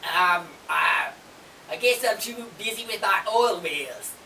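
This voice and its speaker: A woman's voice: on the low side, expressive, slow pace, gravelly, pushed and bright, distant mic, heavily acted. A laid-back male puppet drawls in a Texas accent, as a woman puts him on. He hesitates and takes his time. The recording comes from a mic set back in an echoey room, with faint hiss. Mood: easygoing.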